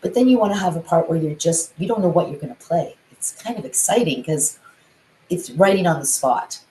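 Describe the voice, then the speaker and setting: Woman, chatty musician, sings out rhythms, mellow tone, roomy echo. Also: fairly low pitch, lively intonation, fairly quick, a little hiss or hum. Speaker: guest, musician and composer. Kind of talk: casual interview chat.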